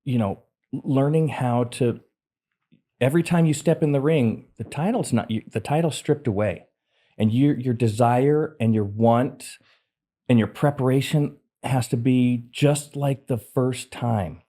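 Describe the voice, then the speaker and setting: A man's voice: medium pitch, measured pace, dark tone. Young male podcast host. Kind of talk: interview conversation.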